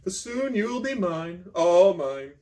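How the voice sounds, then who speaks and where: A man voicing a scheming knight in a smooth, crooning voice as he reads a storybook aloud. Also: sits high, big pitch swings, slow pace, a little mellow, voice pushed up, exaggerated voice. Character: smooth-talking scheming knight wooing a lady.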